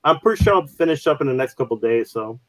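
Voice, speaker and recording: A man's voice: medium pitch, expressive, quick pace, a bit bright, dry recording, poor audio. A man co-hosting a casual podcast, rambling with many fillers and restarts. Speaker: podcast co-host. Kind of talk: casual chat.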